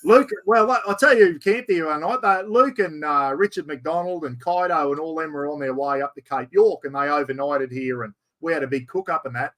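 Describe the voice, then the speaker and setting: An Australian man in middle age hosts a casual chat with a slightly raised pitch. He tells his stories in an animated, yarn-spinning way. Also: fairly quick, few pauses. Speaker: host.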